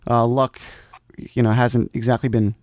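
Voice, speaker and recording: A man's voice: medium pitch, flat delivery, normal speed, darkish tone, dry recording, studio quality. A man co-hosting a casual sports podcast, joking loosely with plenty of fillers. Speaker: podcast co-host.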